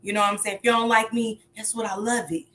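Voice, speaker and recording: Livestream host, woman, bright and forceful tone, pitched a little high, cursing and joking with her chat. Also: level tone, fast talker, slight background noise. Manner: loose, profane, joking, talks straight to her chat.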